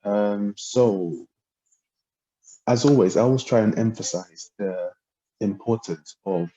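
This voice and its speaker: A man teaching a language lesson, explaining word tones in a hesitant way with many pauses and ums. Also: lowish voice, warm tone. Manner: hesitant, lots of ums, spells out syllables and tones. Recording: dull lo-fi audio without a proper mic.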